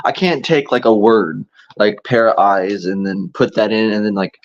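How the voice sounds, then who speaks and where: A man's voice: fairly low pitch, moderate pace. A man chatting casually as a podcast co-host, rambling loosely with fillers and restarts. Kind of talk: casual chat. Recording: dull, muffled lo-fi sound.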